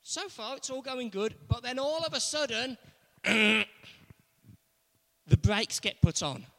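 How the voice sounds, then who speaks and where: High-voiced man preaching in a hall. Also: lively intonation, slow pace, gravelly, bright, forceful tone. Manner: storytelling, emphatic repetition. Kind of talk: sermon. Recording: long reverb of a large hall.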